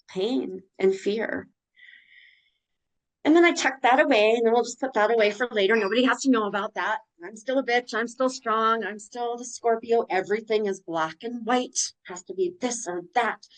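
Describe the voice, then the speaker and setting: A woman's voice: lowish voice, a little mellow, poor audio. A woman guest on a podcast telling her personal story in a candid, emotional way, blunt and swearing now and then.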